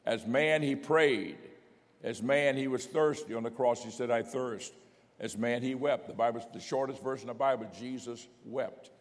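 A man's voice: medium pitch, moderate pace. An older man, a bishop, preaching a folksy teaching sermon and reading scripture aloud with rising emphasis. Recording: long hall reverb.

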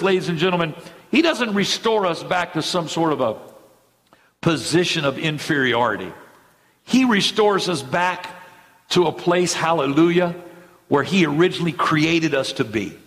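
Middle-aged man, pastor, fervent sermon, shifting pace, slightly high voice, long church reverb. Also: a bit bright. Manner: fervent preaching with sudden swings in pace. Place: church sanctuary.

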